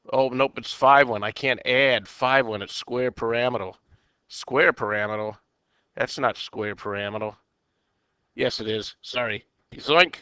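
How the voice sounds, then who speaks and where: A man walks through a chemistry lecture at an unhurried pace, thinking aloud and tossing in playful exclamations. His voice is bright and crisp. The recording is dry and close, with no room sound. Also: medium pitch, no echo. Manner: playful, talks to himself, quirky exclamations. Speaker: chemistry teacher.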